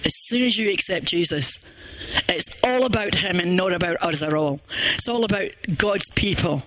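A woman's voice: lowish voice, normal speed, a bit bright, no room sound. An older woman with a Scottish accent giving an earnest, rambling church testimony with many restarts. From Scotland.

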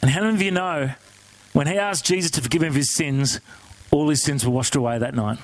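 Man preaching, high voice. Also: fast, rough recording. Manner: animated, conversational, asks the congregation questions. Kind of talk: sermon storytelling.

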